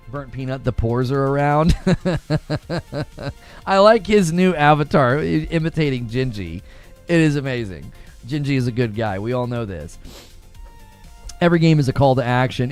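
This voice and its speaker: A man hosting a gaming livestream, chatting casually and acting out little jokey scenes in quick voices. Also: medium pitch, animated, faint music behind. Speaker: livestream host reacting to gaming videos.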